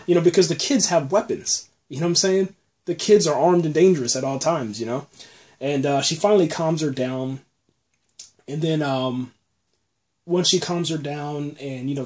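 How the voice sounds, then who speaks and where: Rambling, animated podcast guy. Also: fairly high pitch, moderate pace. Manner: rambling, animated, repeatedly says "man". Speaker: podcast host. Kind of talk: casual episode review podcast.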